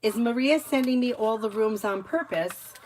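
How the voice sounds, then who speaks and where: A woman giving casual tarot readings on a live stream, chatty and quick to laugh, with lots of fillers. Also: fairly high pitch, background noise. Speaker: tarot reader.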